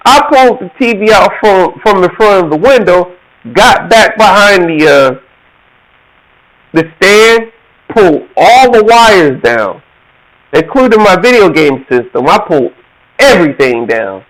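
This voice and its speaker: A man from the American South tells a story slowly and casually, his voice high and bouncing all over. He slips into other people's voices as he tells it, and he laughs often. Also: low-quality recording. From Georgia, USA. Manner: animated, laughs often, acts out quoted voices.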